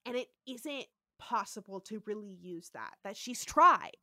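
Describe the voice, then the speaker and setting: A woman's voice: mid-range voice, unhurried, no room sound, clean studio sound. A woman co-hosting a podcast, animatedly recapping episode scenes and acting out the characters. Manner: animated storytelling, acts out scenes. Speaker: podcast co-host. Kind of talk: casual recap chat.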